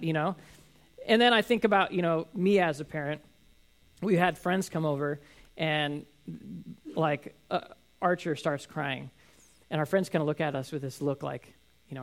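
A man's voice: a little high, moderate pace, fairly bright tone. Casual storytelling male pastor. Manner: conversational, storytelling with acted quotes. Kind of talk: casual sermon.

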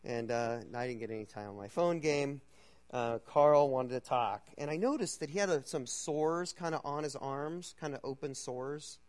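A man preaching to an audience, telling a personal story in a loose, halting way with many fillers and restarts. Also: medium pitch, a little mellow.

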